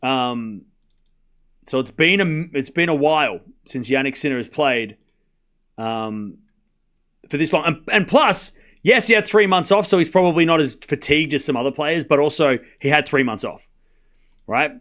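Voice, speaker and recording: A man gives chatty, late-night livestream commentary on casual tennis, quickly calling scores and trading banter with viewers in their chat. His voice is a little high and fairly bright, with lively intonation.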